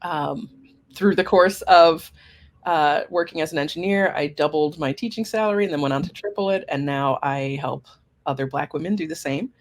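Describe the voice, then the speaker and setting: A woman co-hosting a podcast who introduces herself in a casual, conversational chat, with quick affirmations while her partner talks. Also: sits low. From United States. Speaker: podcast co-host, career coach.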